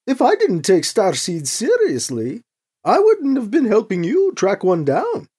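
A reader voicing Krish, a calm, earnest man who tries to keep the peace. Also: sits high, measured pace, breathy edge, voice pushed up, exaggerated voice. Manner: earnest, pleading.

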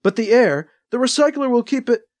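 A man's voice: very high voice, expressive, fairly quick, darkish tone, dry recording, pitched above the performer's own voice. A man voicing a young man trapped in a spacesuit, hesitant and uneasy. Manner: hesitant, increasingly panicked.

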